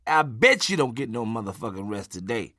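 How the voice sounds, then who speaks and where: A man's voice: medium pitch, sing-song, brisk, pushed and bright, no room sound, pitched below the performer's own voice. Man putting on a bossy scolding wife, cussing, dry close read. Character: fed-up scolding wife, grown woman.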